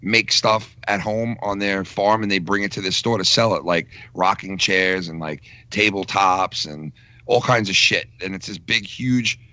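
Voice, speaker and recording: A man's voice: deep voice, unhurried, sharp tone, dry recording. A man from New York telling a rambling, profane story in casual chat on a podcast. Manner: profane, rambling, laughs through stories. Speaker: podcast co-host.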